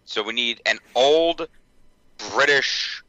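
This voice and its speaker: Bright-voiced man in lo-fi podcast chat. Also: mid-range voice, no echo. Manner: fast, profane, animated banter. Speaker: podcast co-host. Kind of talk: casual chat.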